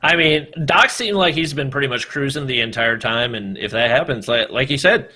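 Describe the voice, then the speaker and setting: A man casting a live mobile battle royale event, calmly explaining gameplay and strategy. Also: medium pitch, normal speed. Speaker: esports caster. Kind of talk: live esports commentary.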